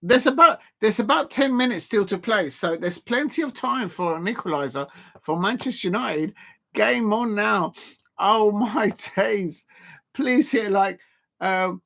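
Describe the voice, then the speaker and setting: A man's voice: sits high, unhurried, gravelly, fairly bright tone. A man streaming a live football reaction, chatty and laughing, calling out his viewers. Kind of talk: live match reaction commentary.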